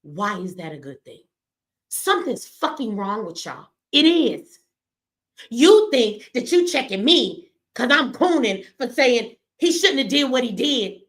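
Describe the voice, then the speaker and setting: A middle-aged woman with a somewhat high voice delivers heated livestream commentary. She talks bluntly and with a lot of profanity, lecturing her listeners in a preachy way. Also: fairly bright tone. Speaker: streamer and commentator.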